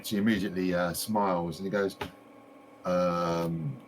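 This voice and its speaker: A man's voice: low-pitched, steady tone, unhurried, background noise. Hesitant man narrating a tabletop game. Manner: hesitant, many fillers. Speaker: game master.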